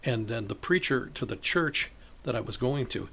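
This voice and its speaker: His medium-pitched voice has vocal fry and moves at a normal speed, with a little hiss or hum in the background. He's an older man from northern Illinois, USA, a chess club organizer telling stories in a casual interview, animatedly acting out voices and laughing often.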